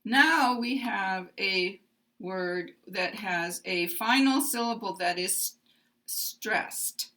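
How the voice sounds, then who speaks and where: An American woman teaching pronunciation, speaking slowly and deliberately and modeling example phrases with exaggerated rises and falls in pitch. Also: pushed and bright.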